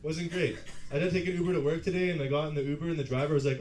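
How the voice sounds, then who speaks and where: A man's voice: on the high side, steady tone, racing, a little mellow, a little hiss or hum. Canadian man in his twenties doing stand-up. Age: 20s. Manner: storytelling, self-mocking, laughing at own jokes. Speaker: stand-up comic. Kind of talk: stand-up comedy set. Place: pub stage at an open mic night.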